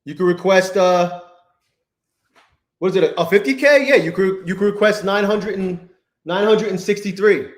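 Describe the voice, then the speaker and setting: A man's voice: high-pitched, moderate pace, echoey room. A man talking through trades on a live stream, swearing often, muttering in frustration and greeting viewers by name. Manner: profane, exasperated muttering, greets chat by name. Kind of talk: live-stream trading commentary.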